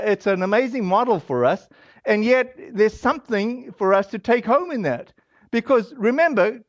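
A man with a fairly high voice preaches in a loose, chatty way, often slipping in fillers and quick asides. The sound is very dry with no room around it, and the recording is a little dull and lo-fi. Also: no room sound. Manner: casual and animated, acts out quoted voices, many fillers. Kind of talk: conversational sermon.

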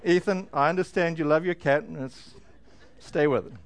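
A man preaching a sermon in a conversational, joking way, full of fillers and slowed-down emphasis. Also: a little high, a faint crowd. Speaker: pastor.

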